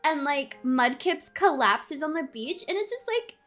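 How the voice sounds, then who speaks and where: A woman streamer in a casual live-stream rant, animated, swearing a lot and laughing often. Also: high-pitched, a little slow, hardly any pauses, soft background music. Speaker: VTuber streamer.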